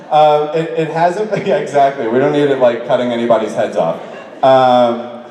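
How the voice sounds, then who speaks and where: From a distance on an echoey PA in a large convention hall full of people, a New York man with a mellow, medium-pitched voice fields fan questions at a normal speed. It's a casual Q&A panel, and he's chatty and self-deprecating, laughing often.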